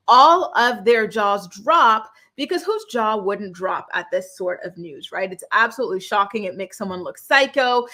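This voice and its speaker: Opinionated woman recapping reality TV. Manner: animated, acts out quotes with rising pitch. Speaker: reality show recap host.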